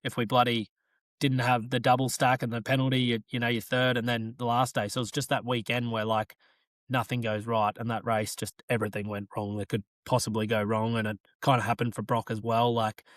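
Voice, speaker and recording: Australian racing driver, podcast co-host, loose rambling storyteller, mid pitch, dry close sound. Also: male voice, flat delivery, fairly quick, a bit bright, no echo. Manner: rambling storytelling with frequent laughs. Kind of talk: casual chat.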